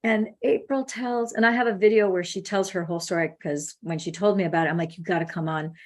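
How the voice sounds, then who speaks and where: A woman's voice: mid-range voice, quick pace. A woman hosting a casual call, telling stories with acted-out quotes. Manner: animated storyteller acting out quoted speech. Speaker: host. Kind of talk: casual phone consultation.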